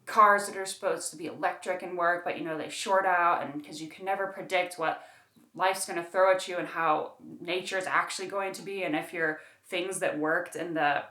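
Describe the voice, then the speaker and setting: A woman with a fairly low voice chats casually and emphatically about a book, with lots of fillers. She talks from her own room, and it sounds roomy and echoey. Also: steady tone, moderate pace, bright, forceful tone. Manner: chatty, emphatic, full of fillers. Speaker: book reviewer. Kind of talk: casual chat. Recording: roomy echo.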